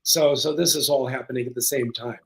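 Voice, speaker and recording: An older man speaking as a guest in a casual interview, relaxed with dry humor. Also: mid-range voice, a little fast, poor audio. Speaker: guest filmmaker.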